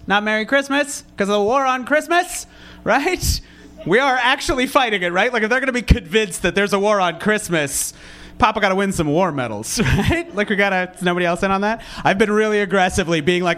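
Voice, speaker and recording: Wry high-voiced comedian, self-mocking. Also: male voice, a little fast. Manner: wry, self-mocking, flat delivery that undercuts sincerity. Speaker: stand-up comedian. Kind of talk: stand-up comedy set.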